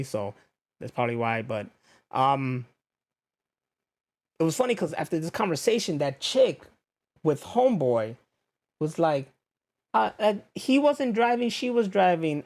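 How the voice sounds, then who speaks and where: A young man hosting a podcast, ranting casually with lots of swearing and acting out what other people said. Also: mid-range voice. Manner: animated, profane, acts out others' lines. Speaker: podcast host. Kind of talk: casual storytelling rant.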